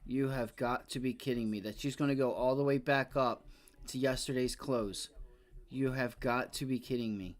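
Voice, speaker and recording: Brief: young male day trader streaming live, frustrated and foul-mouthed, average pitch. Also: fairly even intonation, normal speed. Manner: frustrated, swears, repeats exclamations. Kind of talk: live trading commentary.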